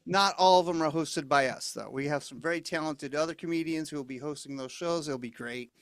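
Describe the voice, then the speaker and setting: A man talking casually on a video call about his upcoming comedy shows, low-key and hesitant. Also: fairly quick, dry recording. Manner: low-key, with fillers and restarts. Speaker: comedy show host.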